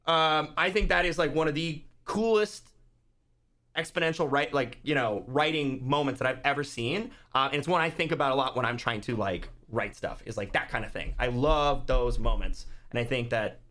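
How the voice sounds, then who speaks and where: A man's voice: mid-range voice, normal speed, pushed and bright. A man guest on a podcast, talking casually and acting out movie scenes in quoted voices. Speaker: podcast guest, YouTuber and author. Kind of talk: casual chat.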